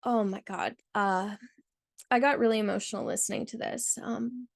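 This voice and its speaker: A woman host reads a viewer's story aloud and then answers it in an earnest, heartfelt way, with casual fillers scattered through her talk. Her voice sits at an ordinary middle pitch for a woman. The sound is dry and close, with no room echo. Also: fairly even intonation, normal speed, vocal fry. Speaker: channel host.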